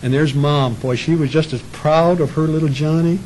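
A man's voice: fairly high pitch, fairly even intonation, normal speed, darkish tone, low-quality recording. A man preaching a sermon in a conversational way, sometimes acting out little voices for the people in his stories. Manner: conversational preaching with acted asides. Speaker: pastor.

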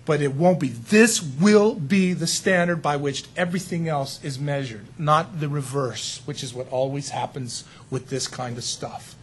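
A man preaching a sermon in an animated, conversational way, with frequent asides to his listeners. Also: fairly high pitch, a little hiss or hum.

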